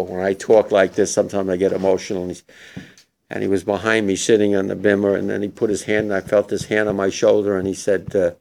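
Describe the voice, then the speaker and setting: Old guy, low gravelly voice, emotional halting speech to students, bit of hiss. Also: a little mellow. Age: older. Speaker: war veteran speaker.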